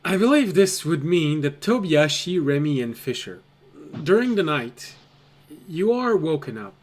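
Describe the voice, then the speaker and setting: A man's voice: a little high, a little slow. A man running a tabletop game as game master, narrating the scene and laughing often. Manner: laughs often, chatty and relaxed.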